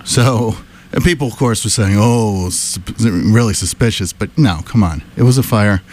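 A man's voice: fairly low pitch, moderate pace, a little mellow. A man, a guest on a radio show, who is out of breath and chats enthusiastically about news and food. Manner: chatty, enthusiastic storytelling. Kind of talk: casual radio chat.

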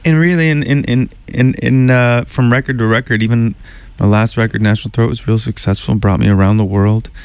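A musician guest in a radio studio, telling stories in a loose, winding way that circles back on itself. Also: male voice, mid-range voice, fairly even intonation, brisk, hardly any pauses, a little mellow, clean tone, no room sound. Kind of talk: radio interview storytelling.

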